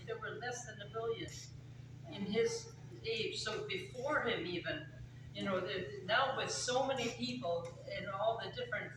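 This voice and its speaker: A woman steers a casual group talk and thinks aloud, pausing as she searches for words. She is heard from a distance. The room is very echoey, with steady noise underneath. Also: medium pitch. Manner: thoughtful, halting, searching for words. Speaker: discussion leader.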